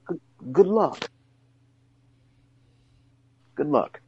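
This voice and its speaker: A man's voice: drawn-out words, dull audio, a little hiss or hum. A man co-hosting a casual podcast, talking animatedly and rambling through long questions. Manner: animated storyteller, rises high when excited. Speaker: wrestling podcast co-host.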